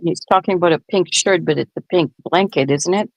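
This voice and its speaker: A woman's voice: lowish voice, fairly quick, creaky, no room sound, muffled recording. A woman co-hosting a casual true-crime chat, asking questions and agreeing along. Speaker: co-host.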